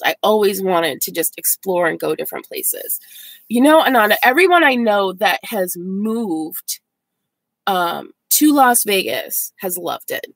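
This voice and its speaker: A woman's voice: medium pitch, creaky, no room sound. A woman in her forties, from the United States, chatting casually and rambling with viewers in a van-life vlog. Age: 40s. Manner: chatty and rambling, many likes and ums. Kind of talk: casual live chat with viewers.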